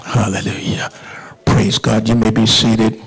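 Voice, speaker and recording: A man preaching and praying to a church congregation in a fervent manner, at times dropping into hushed whispers and speaking in tongues. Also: lowish voice, little pitch movement, a little slow, a crowd in the background, rough recording. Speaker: pastor. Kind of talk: sermon with closing prayer. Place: church sanctuary.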